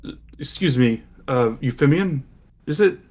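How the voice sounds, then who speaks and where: A man's voice: mid-range voice, lively intonation, measured pace, darkish tone. A man doing a fussy, awkward dock official. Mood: uneasy. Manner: hesitant, polite, awkward. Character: fussy male official at the docks.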